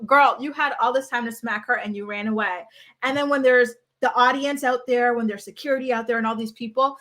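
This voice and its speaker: A woman's voice: on the high side, fairly quick. Sassy woman recapping reality TV. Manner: animated, sassy, quotes people in mocking voices. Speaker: host.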